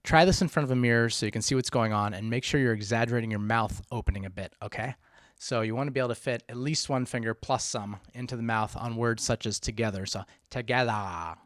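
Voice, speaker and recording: A man's voice: mid-range voice, quick pace, dry recording. Encouraging male vocal coach, dry close sound. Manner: patient, encouraging, step-by-step explanations. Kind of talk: instructional voice tutorial.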